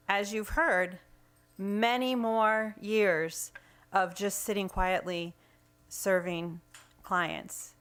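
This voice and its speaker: Slow, smooth-voiced woman spokesperson. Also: mid-range voice, a bit bright. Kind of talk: press conference statement. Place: indoor room at a state capitol.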